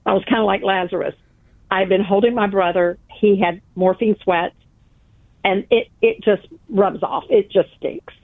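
A woman's voice: mid-range voice, steady tone, moderate pace, dry recording. A woman guest telling a personal story in an interview, earnest and emphatic, repeating phrases for weight. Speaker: guest author. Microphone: phone call. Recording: tinny phone line, dry.

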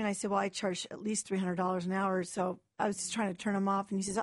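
A young adult woman giving her personal testimony as a guest in a talk-show interview, animated and acting out quoted dialogue. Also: medium pitch, fast talker, no echo.

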